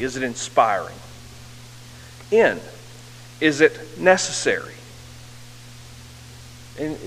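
A man's voice: medium pitch, a bit bright. A male pastor preaching earnestly, building to emphatic peaks, through an amplified mic in a church hall. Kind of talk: sermon. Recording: long hall reverb with faint hum.

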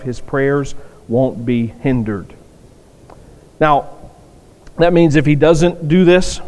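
A man's voice: medium pitch, darkish tone. A man preaching a sermon in an earnest way, often repeating words for emphasis, in a church sanctuary. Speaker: pastor. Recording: long reverb of a large hall.

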